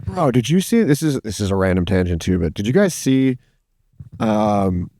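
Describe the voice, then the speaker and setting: A man chatting excitedly on a podcast, swearing freely and acting out what others said. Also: on the low side, normal speed, no echo, studio quality. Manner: excitable, swears a lot, acts out quotes. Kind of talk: casual chat.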